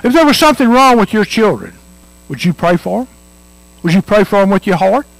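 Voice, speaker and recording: A man preaching an earnest sermon, pressing his points again and again. His voice sits high and swings widely in pitch. The sound is dry and close, with little room echo. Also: very animated, brisk, gravelly. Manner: earnest, repetitive emphatic preaching with storytelling. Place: church.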